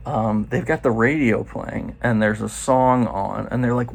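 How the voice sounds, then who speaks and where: A man's voice: mid-range voice, creaky. A man in his forties telling a loose, profane story in a casual first-person way. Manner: loose and profane, quoting others in quick asides.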